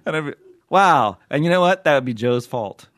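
A man's voice: medium pitch, lively intonation, normal speed, a bit bright, no echo. Male podcast host, loose and joking, prone to laughter, dry close-mic sound. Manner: jokey, laughs often, rambling. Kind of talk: casual podcast chat.

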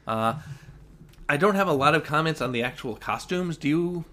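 A man's voice: fairly high pitch, expressive, moderate pace, bright, forceful tone. A man co-hosting a casual podcast chat, recapping TV shows with wry, rambling asides and frequent restarts. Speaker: podcast co-host.

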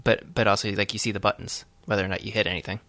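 A man hosting a podcast, chatting casually in a halting, sardonic way with many restarts. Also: on the low side, little pitch movement, pushed and bright, no room sound. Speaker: podcast host. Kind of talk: casual chat.

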